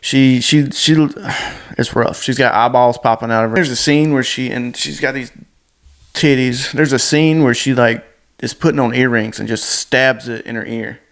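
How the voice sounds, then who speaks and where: A man's voice: mid-range voice, gravelly, a bit bright. A man casually recapping a movie plot in a rambling, blunt and crude way, full of fillers.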